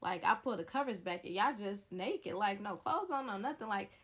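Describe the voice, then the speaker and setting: A woman's voice: medium pitch, animated, normal speed, a bit bright, slightly rough. A young woman telling a dramatic personal story straight to her viewers in a casual storytime vlog. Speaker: storytime vlogger.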